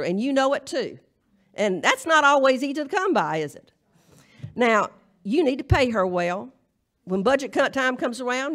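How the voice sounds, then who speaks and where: A woman minister with a Southern US accent, delivering a humorous, emphatic charge to a congregation at a live church service. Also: on the high side. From Southern United States. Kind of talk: folksy sermon-style charge.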